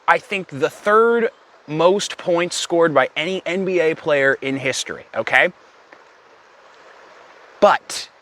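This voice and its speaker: A young man spins a rambling comic story in a deadpan tone. His voice sits a bit high and sounds sharp and bright. He keeps breaking off for self-aware asides. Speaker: comedian.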